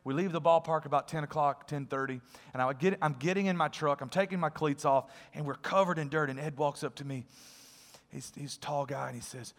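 High-voiced pastor preaching in a big hall. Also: male voice, fairly quick. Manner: animated storytelling, drops to a hushed, earnest tone. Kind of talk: sermon with storytelling.

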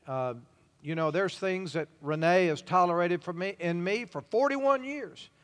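A man's voice: sits high, unhurried, clear, resonant tone. An older man preaching a sermon in a folksy, storytelling way. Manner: folksy, warm-hearted storytelling with chuckles. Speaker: pastor. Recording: hall reverb.

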